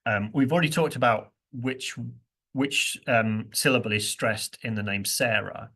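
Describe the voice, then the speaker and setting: A man's voice: lowish voice, a little slow, bright, forceful tone. A man leading a university workshop, playful, often laughing and acting out example phrases. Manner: playful, laughs often, acts out stressed words. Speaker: workshop presenter. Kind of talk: interactive workshop teaching.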